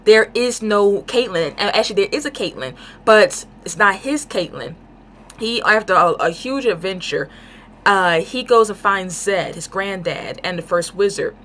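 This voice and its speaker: A woman giving a casual book review, talking in an excited, rambling way with lots of fillers. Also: medium pitch, moderate pace.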